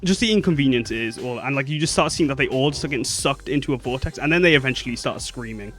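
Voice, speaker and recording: A man's voice: medium pitch, fast, fairly bright tone, faint music behind. A man narrating a tabletop game as game master, rambling and correcting himself as he goes.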